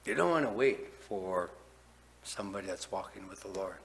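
A man's voice: low-pitched, expressive, moderate pace, vocal fry, a little hiss or hum. A man pastor preaching a verse-by-verse sermon, asking rhetorical questions and tagging "right?" onto his points. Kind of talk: expository sermon.

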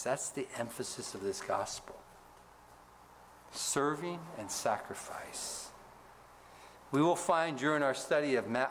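Man preaching a sermon, faint noise. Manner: asks the congregation to fill in words; rises in pitch for emphasis, drops low to close points. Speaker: pastor.

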